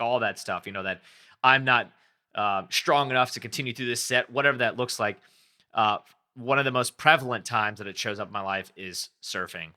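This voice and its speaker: A man with a lowish but sharply bright voice hosts his own podcast. He talks candidly and loosely, often restarting a phrase to get it right. It sounds like relaxed solo reflection into a microphone. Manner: candid, rambling, self-correcting, acts out his inner voice. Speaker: podcast host.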